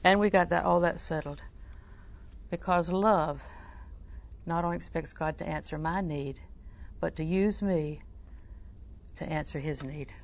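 Older female preacher, low and gravelly, conversational storytelling, soft-spoken to near whisper. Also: a little slow. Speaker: Christian teacher. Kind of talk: personal storytelling sermon.

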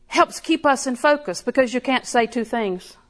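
Lady preacher, kinda high voice, chatty sermon, laughs a lot. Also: lively intonation, moderate pace. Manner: conversational, laughs often, rising emphasis on key lines.

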